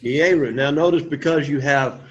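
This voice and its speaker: A man teaching a Greek class, slowly and patiently saying each word several times. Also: on the high side, animated, a bit bright, dull audio. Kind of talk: classroom lesson, repeating words.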